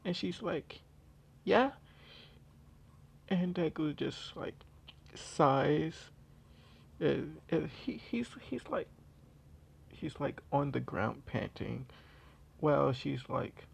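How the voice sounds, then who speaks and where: Slow, gravelly, rambling storyteller. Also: mid-range voice. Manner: rambling, many fillers and restarts. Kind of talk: casual fan story retelling.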